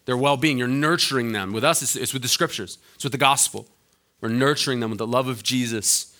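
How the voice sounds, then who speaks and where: A man preaching a sermon as a pastor, animated and jokey with many fillers and restarts, dropping low and quiet for earnest points. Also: fairly quick.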